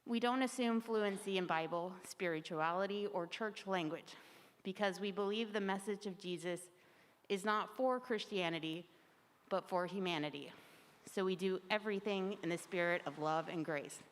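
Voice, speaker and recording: A woman from the congregation reading a community statement aloud, earnest and steady. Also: medium pitch, moderate pace. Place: church hall. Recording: long echoing hall reverb.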